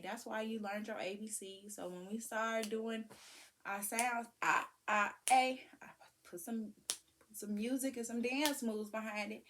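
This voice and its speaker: A woman giving casual, animated parenting advice, breaking into sing-song sounds. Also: fairly high pitch. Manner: animated, preachy, sings and vocalizes to demonstrate. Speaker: parenting vlogger.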